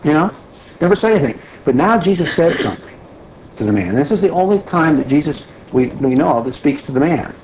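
Animated man leading a Bible study. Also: a little high, a little fast, slight background noise, poor audio. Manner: animated, emphatic, asks the group questions. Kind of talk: conversational Bible teaching.

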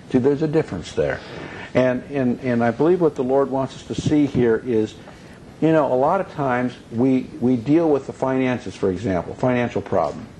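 A man's voice: medium pitch, expressive, normal speed, warm tone, a little hiss or hum, low-quality recording. A man teaching a conversational sermon in a folksy way, full of asides. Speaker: Bible teacher.

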